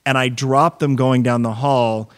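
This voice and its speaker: A man's voice: medium pitch, unhurried. A man in casual conversation, telling funny stories and acting out the people in them. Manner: animated anecdotes with voiced quotes. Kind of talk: casual storytelling chat.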